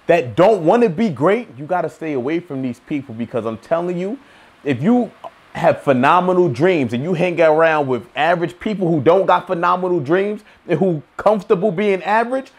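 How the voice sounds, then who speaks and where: A young man giving a motivational monologue to camera, emphatic and slangy, swinging between loud challenges and low asides. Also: expressive, normal speed. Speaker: motivational video host.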